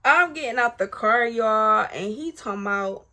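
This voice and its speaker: With a fairly high pitch and a moderate pace, this vlogger tells her viewers a story in a blunt, lively way, cursing as she goes. She talks right to the camera and performs what other people said along the way.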